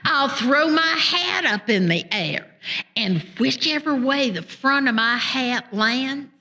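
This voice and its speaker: A woman's voice: sits high, animated, slow pace, bright, forceful tone, heavily acted. A woman storyteller voicing Jack, a poor and kind young man from a folk tale, speaking in a folksy, plain-spoken way. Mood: musing.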